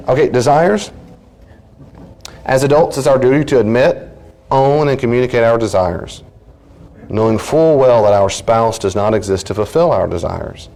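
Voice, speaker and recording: Male, mid-pitched counselor teaching a group; conversational and animated, slips into other people's voices for examples. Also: moderate pace. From United States. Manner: animated, acts out little dialogues in changed voices. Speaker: counselor teaching a marriage class.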